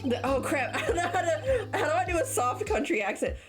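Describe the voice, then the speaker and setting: A woman's voice: sits high, very animated, moderate pace. Laughing woman streaming a game. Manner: laughing, exclaiming, self-mocking. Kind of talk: live game playthrough commentary. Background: game music.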